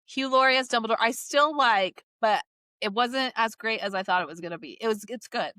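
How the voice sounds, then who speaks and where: Female podcast co-host, bright and forward tone, dry close mic, teasing banter. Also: a little high, brisk, no echo. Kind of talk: casual chat.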